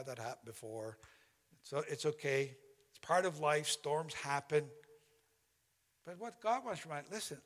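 Impassioned pastor preaching in a reverberant hall. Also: male voice, a little high. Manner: impassioned, emphatic preaching with dramatic drops to near-quiet. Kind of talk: sermon.

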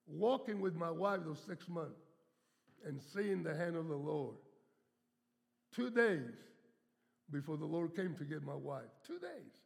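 A man's voice: on the high side, lively intonation, measured pace, gravelly, long pauses. A man in his seventies preaching a sermon as a guest speaker. He tells stories and stretches key words for emphasis. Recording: long hall reverb.

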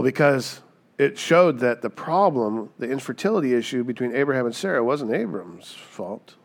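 With a medium-pitched voice and some vocal fry, this pastor delivers a lively, conversational sermon. He imitates the people he quotes and keeps checking in with "right?"

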